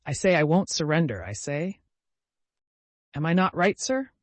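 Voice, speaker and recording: Half-crazy drunk old servant, hoarse and blustering, voice jumps high, put on by a male narrator. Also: very animated, a little slow, no echo. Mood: confiding. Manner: blustering, slurred bravado.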